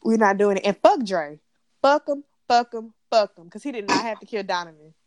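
A woman's voice: mid-range voice, brisk, no room sound, clean studio sound. A woman co-hosting a casual TV recap chat, blunt and profane as she rants about the show. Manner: blunt, profane, animated ranting. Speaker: podcast co-host.

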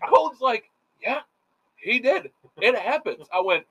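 Middle-aged guy, high voice, rambling cussing storyteller, kinda muffled lo-fi audio. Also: measured pace, long pauses, husky. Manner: rambling, profane, animated storyteller. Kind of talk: casual storytelling chat. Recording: dull lo-fi sound.

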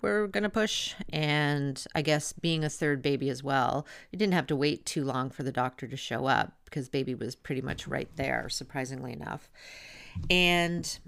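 A woman's voice: rumbling low, normal speed, vocal fry, a bit bright, no echo. A woman in her thirties, a doula hosting a podcast, telling her own birth story in a candid, chatty and blunt way. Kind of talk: casual personal storytelling.

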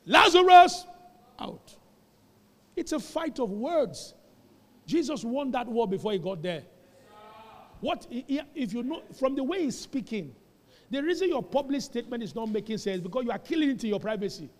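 A man's voice: very high voice, very animated, fairly quick, dark tone, long reverb tail. A Nigerian man preaching a sermon as a pastor. He tells stories with Pidgin asides and builds to emphatic calls. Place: church.

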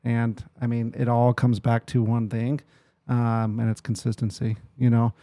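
A man's voice: mid-range voice, completely flat delivery, unhurried, dark tone, no echo, studio quality. A man, a realtor, chatting casually as a podcast guest, rambling with lots of fillers and restarts.

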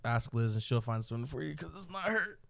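A man's voice: mid-range voice, lively intonation, fairly quick, vocal fry, a bit bright. A young man hosting a podcast in casual chat, teasing his guest and acting out other people's lines as he tells stories. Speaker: podcast host.

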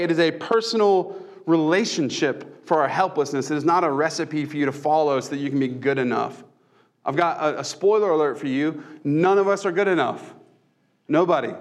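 A young man, preaching a casual sermon with self-deprecating humor. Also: fairly high pitch. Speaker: pastor.

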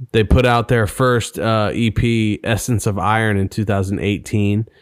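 A man's voice: lowish voice, fairly even intonation, a little slow, smooth, dry recording, studio quality. A man co-hosting a casual podcast, chatting in joking, profane banter. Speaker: podcast co-host. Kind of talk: casual chat.

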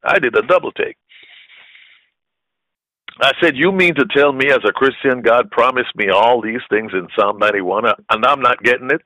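A male preacher delivers a sermon with passion, climbing into emphatic, repeated declarations. His voice is bright and forceful. The sound is dry and close, with no room around it. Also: mid-range voice, moderate pace, no room sound, low-quality recording. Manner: impassioned, rising to shouted peaks; repetitive emphatic phrasing.

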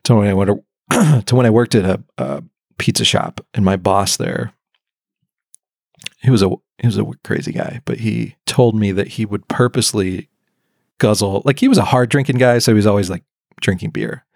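A man's voice: lowish voice, normal speed, gravelly, a little mellow, dry recording, studio quality. A man co-hosting a podcast in casual chat. He talks animatedly and laughs often. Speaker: podcast co-host.

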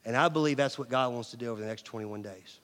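A middle-aged male pastor preaching a sermon, swinging from loud emphasis to near-whispers and asking the audience questions. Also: mid-range voice, fast talker. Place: large church hall. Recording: long church hall reverb.

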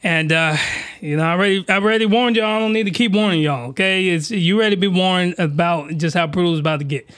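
An excitable man riffs through a crude anime recap in a bright, fairly high voice, full of slang and loud reactions. He talks straight to his viewers. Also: quick pace, smooth. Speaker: comedy reaction host.

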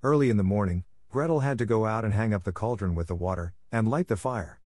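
A man narrating a fairy tale in a steady, measured storybook reading. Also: lowish voice, no room sound, clean studio sound.

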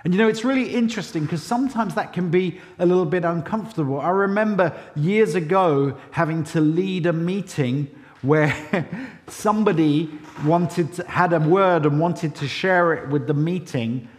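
A middle-aged man preaching a sermon, telling personal stories in a relaxed, conversational way with self-deprecating asides. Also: on the high side, normal speed, long reverb tail. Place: church.

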